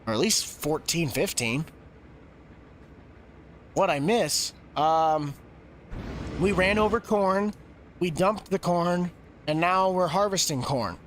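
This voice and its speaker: A man's voice: high-pitched, animated, slow, pauses often, slight background noise. A man streaming a game live, chatting casually and answering questions from chat.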